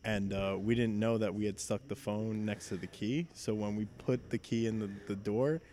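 An excitable young man with a fairly low voice, telling a story on a casual podcast. He laughs easily and fills his talk with "like.". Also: moderate pace, slight background noise. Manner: excitable, laughing, lots of fillers. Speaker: podcast guest.

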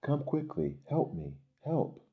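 A man's voice: lively intonation, measured pace, slightly rough, full character voice. A man voicing a mischievous young shepherd boy who fibs out of boredom, in a storybook reading. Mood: panicked. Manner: high boyish voice, crying out in alarm. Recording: dull lo-fi recording.

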